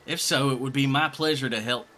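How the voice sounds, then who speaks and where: A man's voice: medium pitch, fairly even intonation, brisk, pushed and bright, lightly acted. A man voicing a boastful, flirty male swordsman from a game in a put-on American country accent. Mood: swaggering. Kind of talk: reading game dialogue aloud in voices.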